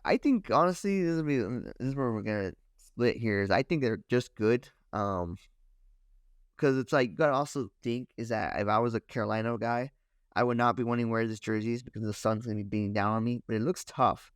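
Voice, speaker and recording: A man's voice: mid-range voice, brisk, clear, resonant tone, no echo, clean studio sound. A man co-hosting a podcast, chatting casually and hedging his opinions. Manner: relaxed, hedging with "honestly". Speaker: podcast co-host. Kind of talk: casual chat.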